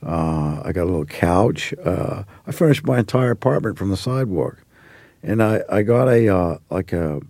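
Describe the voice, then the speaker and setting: A man in his forties from Australia who now speaks with an American accent, telling rambling stories as an actor guest in a relaxed interview. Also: sits low, moderate pace, no echo. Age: 40s. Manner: rambling anecdotal storyteller.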